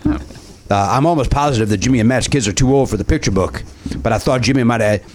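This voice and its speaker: A podcast co-host reading a fan's letter aloud in a put-on Cajun accent, halting now and then. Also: male voice, medium pitch, a little mellow, a little hiss or hum, natural voice.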